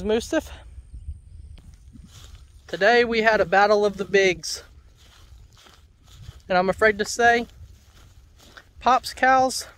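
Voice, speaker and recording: A man's voice: high voice, clean tone. A man, vlogging on a farm and chatting playfully to his animals outdoors. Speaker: homestead vlogger. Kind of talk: casual vlog, talking to farm animals.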